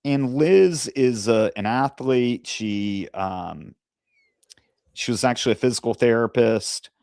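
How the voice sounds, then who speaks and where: Guy talking slow and careful, lowish voice, dry room, lots of ums. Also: gravelly, darkish tone, smooth, dry recording. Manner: measured, careful, with pauses and fillers. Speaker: co-host. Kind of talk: casual discussion.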